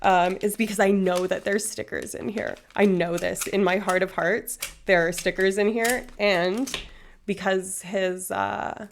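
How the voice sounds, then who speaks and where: Chatty young woman with vocal fry. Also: medium pitch, fairly even intonation, a little slow, a little hiss or hum. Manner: rambling, chatty, many fillers. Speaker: livestreamer. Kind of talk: casual livestream chat.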